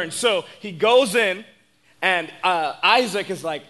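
A man's voice: high-pitched, measured pace. A man preaching a sermon, retelling a Bible story in casual words and speaking earnestly and directly to his listeners. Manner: animated storyteller, acts out the characters; earnest, direct address to the audience.

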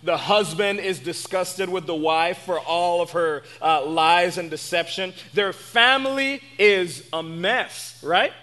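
A man's voice: sits high, slow pace, few pauses. A man preaching a sermon, retelling a Bible story in casual words and speaking earnestly and directly to his listeners. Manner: animated storyteller, acts out the characters; earnest, direct address to the audience.

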